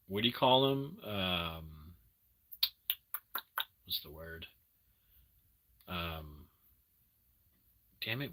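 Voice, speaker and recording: Brief: male live streamer, husky low voice, slow and laid back, casual late-night chat to viewers, swears freely. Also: sharp tone. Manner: loose, swears casually, gropes for words. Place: at home at night.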